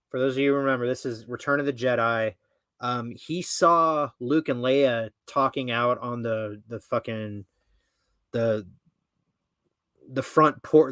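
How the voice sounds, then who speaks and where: A man's voice: mid-range voice, no echo. A male podcast host with a mid-range voice reads an article aloud and riffs on it. He rambles, swears freely and trails off into asides. The sound is dry and close. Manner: profane, rambling, full of fillers and asides. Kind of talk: casual commentary, reading an article aloud.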